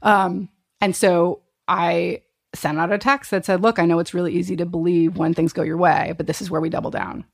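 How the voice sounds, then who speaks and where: A woman in her thirties, a guest in a casual chat, telling an animated story and acting out quotes with laughs. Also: fairly low pitch, normal speed, vocal fry.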